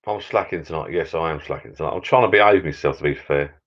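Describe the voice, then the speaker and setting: Man, middle-aged, very low voice, rambling jokey live-stream host, dull lo-fi sound. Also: fast, a bit bright. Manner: rambling, jokey, repeats words. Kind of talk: casual live stream chat. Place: backyard garden bar shed.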